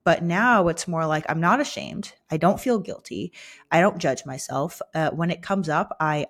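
Candid young woman podcaster, emotional. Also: sits low. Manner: candid, vulnerable, many fillers like "like" and "you know". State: emotional, near tears. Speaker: podcast host. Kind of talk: personal reflective monologue.

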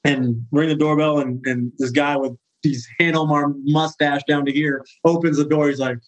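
A man in his thirties from California, a firefighter guest telling a story in a casual interview, animated and acting out the people he quotes. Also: a little high, moderate pace, poor audio. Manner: animated, acts out quoted voices.

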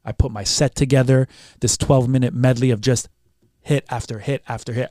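A man's voice: mid-range voice, normal speed. A man from Canada, a podcast guest, telling a story casually, swearing often and acting out what other people said. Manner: animated, swears freely, acts out what others said. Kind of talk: casual storytelling with quoted dialogue.

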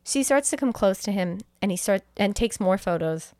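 A woman's voice: mid-range voice, moderate pace, dry recording, studio quality. A young adult woman co-hosting a podcast, recapping a film scene by scene and acting out the characters' lines. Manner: animated storyteller acting out lines, laughs often. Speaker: podcast co-host retelling a movie. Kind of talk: casual chat recapping a film.

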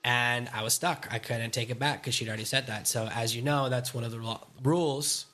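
A man's voice: medium pitch, steady tone, a little fast, sharp tone. A middle-aged man co-hosting a dating podcast, lecturing with firm opinions in casual chat. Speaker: podcast co-host.

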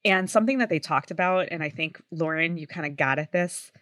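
A woman's voice: low voice, brisk, a bit bright, no room sound, studio quality. A woman co-hosting a podcast, chatting enthusiastically and rambling a little, with plenty of "like" fillers. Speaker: podcast co-host. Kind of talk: casual podcast chat.

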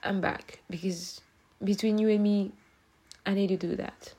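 A young woman vlogging late at night, talking softly and haltingly to her camera, tearful after crying, with many fillers and restarts. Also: mid-range voice, fairly even intonation, breathy edge.

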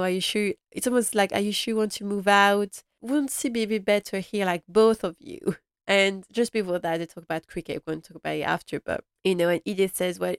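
A woman chats through a recap of a period drama, gushing and rambling with plenty of fillers. Her voice is smooth and clear, at a middle pitch. The sound is close and dry. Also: no echo. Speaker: podcast host. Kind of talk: casual episode recap chat.

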